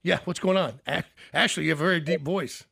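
A man's voice: on the high side, fast, gravelly, pushed and bright, husky. A man hosting a morning radio show, joking and teasing callers in rambling banter from the studio.

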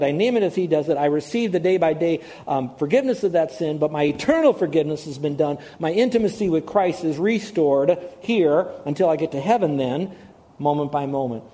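A man delivers a sermon in a relaxed, conversational way, circling back on key words to stress them. His voice sits a touch higher than usual and sounds mellow and warm. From Hawaii. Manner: conversational preaching, repeats key words for emphasis. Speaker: pastor.

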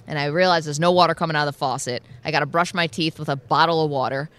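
A woman's voice: deep voice, steady tone, quick pace, a bit bright. A sleep-deprived woman co-hosting a sports radio show, telling a story with frequent laughter in casual banter. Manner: laughing, storytelling, self-deprecating. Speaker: radio co-host.

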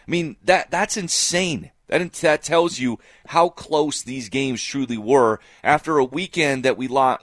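A sports radio co-host speaks in a medium-pitched, fairly bright male voice, recorded at studio quality with no room sound. He drives his points home emphatically, repeating phrases for effect.

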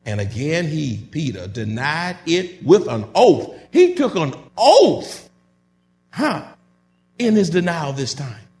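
A man preaching a sermon, reading scripture slowly and then breaking into loud, emphatic commentary. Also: on the high side, big pitch swings. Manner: builds from measured reading to loud emphatic bursts.

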